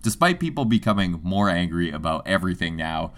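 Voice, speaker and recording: A man from Canada with a very low voice trades casual podcast banter as co-host. His jokes land dry and deadpan. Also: fairly quick.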